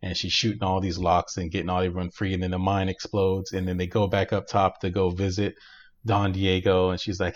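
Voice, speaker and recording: A low-voiced man tells a movie plot in a loose, animated way, with lots of fillers, and he laughs often. He is co-hosting a casual podcast. The sound is dull and lo-fi. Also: fairly quick. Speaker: podcast co-host. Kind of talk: casual chat, recapping a movie.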